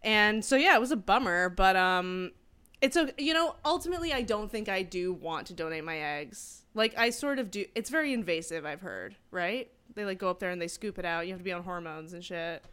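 A woman's voice: lowish voice, expressive, brisk, fairly bright tone, clean tone. A woman in her thirties, co-hosting a podcast, telling stories casually with lots of fillers. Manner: rambling storyteller, lots of fillers. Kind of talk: casual chat.

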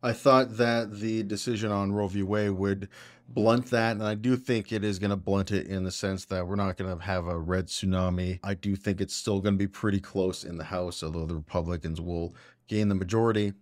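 A man's voice: deep voice, fairly even intonation, moderate pace, no echo, clean studio sound. A man hosting a podcast, giving casual, blunt and opinionated political commentary. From Canada. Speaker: podcast host.

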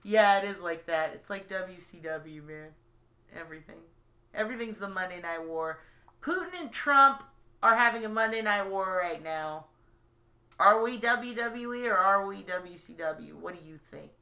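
A woman co-hosting a podcast, telling a story in a casual, profane, animated way and loudly acting out the people in it. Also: medium pitch, normal speed. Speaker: podcast co-host. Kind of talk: casual chat.

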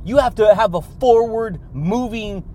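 A man's voice: high voice, unhurried, mellow, slight background noise. Hyped, laughing motivational man. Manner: hyped, laughs between phrases, calls listeners buddy and baby. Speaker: podcast host. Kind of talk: motivational monologue.

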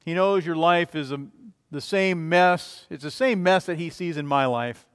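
A man preaching a sermon as a pastor, emphatic, swinging between loud declarations and quiet, low passages. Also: normal speed, smooth, long reverb tail. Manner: emphatic, rising and falling in volume.

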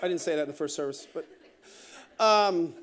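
A middle-aged man preaching a sermon as pastor, telling stories with joking asides in an animated way. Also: a little high, normal speed.

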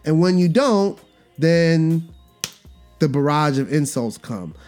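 A man's voice: on the high side, animated, slow pace, a little mellow, faint music behind. A man hosting a podcast, talking in a rambling, conversational way and acting out the voices he quotes. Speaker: podcast host. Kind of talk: casual podcast monologue.

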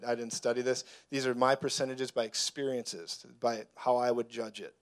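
Male preacher, casual sermon teaching, acts out dialogue, mid-range voice, conversational and lively. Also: medium pitch. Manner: animated storyteller who acts out dialogue.

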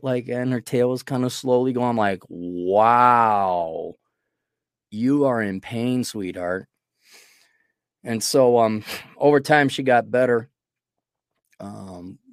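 A man with a cold talks through a casual, rambling podcast monologue, often restarting his sentences and poking fun at himself. His voice sits at an ordinary middle pitch, and the recording is dry and close with no room sound. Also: no echo. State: sick with a cold. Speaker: podcast host.

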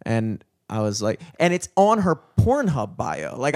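Excitable young man, fairly high voice. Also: moderate pace, few pauses, no echo, clean studio sound. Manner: excitable, curious, laughs a lot. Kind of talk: casual podcast chat.

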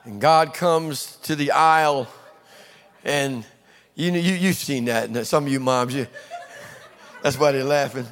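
A man preaching a sermon, telling a lively story and acting out the people in it. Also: mid-range voice, a little slow, long pauses. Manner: storytelling, acting out scenes with voices. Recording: long reverb of a large hall with audience.

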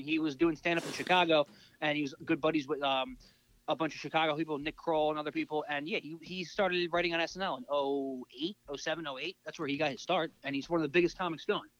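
A man's voice: fairly high pitch, fast talker, a bit bright. A man hosting a podcast in casual chat, blunt and profane, on a slightly dull recording. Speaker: podcast host.

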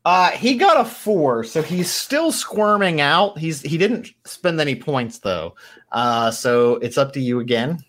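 Game master, slow delivery, hesitant, measured rulings. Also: medium pitch, big pitch swings, fairly bright tone. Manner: measured, hesitant, thinking aloud over rulings. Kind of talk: running a tabletop game.

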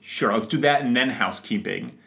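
A man co-hosting a podcast in relaxed banter. His voice sits at a middling pitch. He jokes around, rambles, and trips over his own sentences as he goes. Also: fairly quick, creaky. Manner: joking, rambling, interrupts himself. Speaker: podcast co-host. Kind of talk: casual chat.

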